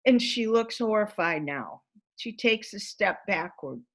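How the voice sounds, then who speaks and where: A woman facilitator telling a personal story to a gathering, unhurried and spacious in her pacing. Her voice sits at a middle pitch, and she brings each scene to life with lively, expressive storytelling. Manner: vivid, animated storyteller who acts out scenes. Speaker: workshop facilitator and author. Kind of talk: storytelling talk to a spiritual gathering.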